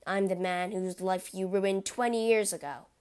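A woman voicing a cold, menacing nobleman bent on revenge, speaking low and measured. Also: fairly even intonation, darkish tone, clean tone, close to an everyday voice. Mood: cold menace.

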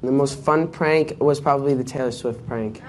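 A man being interviewed casually, talking in a relaxed, halting way with lots of fillers. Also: medium pitch. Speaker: interview guest.

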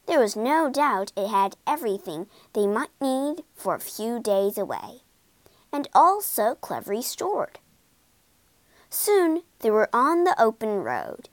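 A woman reading a children's storybook aloud, expressive and unhurried. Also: fairly high pitch, no room sound. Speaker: storybook narrator.

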